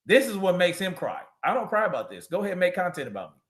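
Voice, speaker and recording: A man's voice: high-pitched, sing-song, quick pace, a bit bright. A man hosting a livestream, reacting to a clip with profane, mocking casual commentary. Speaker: livestream host.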